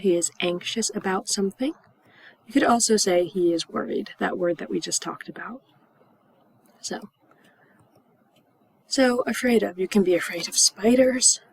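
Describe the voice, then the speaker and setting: Young female English teacher, slow and clear delivery, breathy with some vocal fry, acts out example phrases. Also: mid-range voice, dry recording, poor audio. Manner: models example phrases with acted gasps and whispers. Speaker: ESL teacher. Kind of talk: slow, clearly enunciated classroom instruction.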